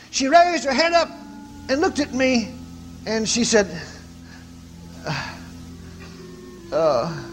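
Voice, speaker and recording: A man preaching a sermon, telling a story and rising from quiet telling to loud commanding cries. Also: high voice.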